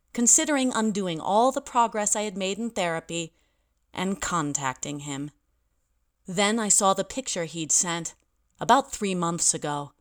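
A young woman narrating a story in a wry, self-deprecating way. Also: lowish voice. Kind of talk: audiobook narration.

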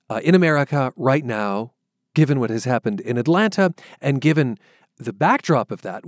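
A male interviewer asks measured, probing questions. His voice rises and falls widely. The recording is dry and close. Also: medium pitch, a little mellow, no echo.

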